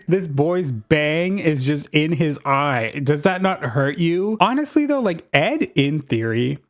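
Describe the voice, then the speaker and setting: A man giving casual, excitable gameplay commentary as a YouTuber, chatty and gossipy. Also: mid-range voice. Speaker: gaming YouTuber.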